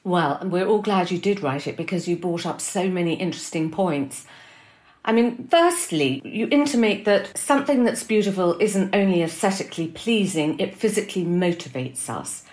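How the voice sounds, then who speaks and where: A woman hosting a podcast, asking a guest measured questions that sum up her points. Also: fairly low pitch, lively intonation, a little mellow. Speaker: podcast host. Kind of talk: interview questions.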